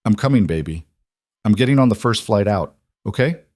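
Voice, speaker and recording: A man's voice: fairly low pitch, animated, a little fast, a little mellow, dry recording, studio quality, lightly acted. A man voicing an anxious, protective single father who speaks urgently. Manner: urgent, insistent.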